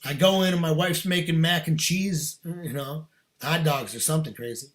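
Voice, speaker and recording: A man guest on a podcast telling a personal story in casual, earnest talk, animated and laughing now and then. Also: on the high side, moderate pace.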